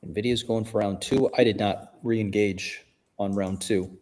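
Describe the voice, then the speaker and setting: A man with a low voice co-hosts a casual trading livestream. He speaks in a steady, matter-of-fact way about market moves. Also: a little slow. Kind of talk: casual live market chat.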